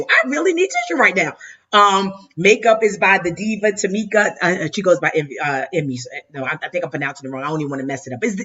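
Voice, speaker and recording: A woman host delivers an emotional tribute over a lo-fi, muffled video call. Her tone is bright and pushing forward. She keeps circling back and repeating words in a heartfelt, effusive flow. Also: mid-range voice, slightly rough. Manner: heartfelt, effusive, stumbling repetitions. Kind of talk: emotional live-stream tribute speech. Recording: dull lo-fi video call audio.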